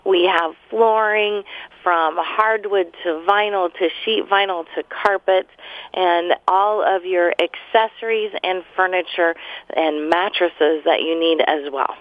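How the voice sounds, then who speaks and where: Woman pitching furniture over a phone line. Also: fairly even intonation, slow, no room sound. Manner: friendly sales pitch, listing features. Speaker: furniture store owner. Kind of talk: promotional interview.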